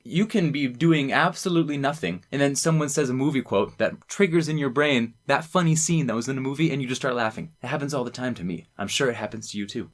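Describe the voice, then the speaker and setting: A young man, a student presenter, talking casually and enthusiastically to camera, rambling and acting out quoted lines. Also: medium pitch. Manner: enthusiastic, rambling, quoting lines in acted voices.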